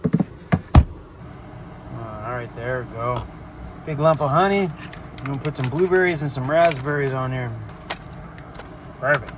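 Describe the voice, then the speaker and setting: A man's voice: mid-range voice, measured pace, long pauses. A man from Canada chatting casually as a travel vlogger, jokey and laughing often, talking from inside a vehicle on the road. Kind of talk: casual travel vlog chat. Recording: loud road noise in a moving vehicle.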